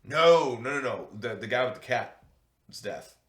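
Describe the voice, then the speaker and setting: A man's voice: medium pitch, animated, a little slow, fairly bright tone. A man co-hosting a casual podcast chat, hesitant and full of fillers as he steers the group. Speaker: podcast co-host running the segment. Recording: roomy echo.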